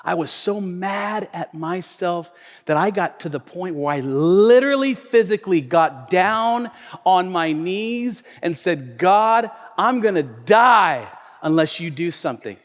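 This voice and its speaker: A man's voice: high-pitched, lively intonation, a little slow, pitched above the performer's own voice. A man voicing his friend, an earnest man recovering from addiction, in an echoey church hall.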